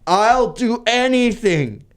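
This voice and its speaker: A man's voice: extremely high pitch, lively intonation, slow pace. A young man co-hosting a podcast in casual chat, jokey and rambling, laughing often. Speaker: podcast co-host.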